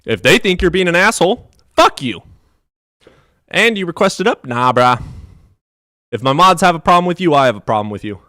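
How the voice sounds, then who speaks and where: A man from the US Midwest live streaming, chatting in a profane, animated way that swings between loud outbursts and low mutters. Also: moderate pace, pauses often, no echo, clean studio sound. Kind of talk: casual livestream chat.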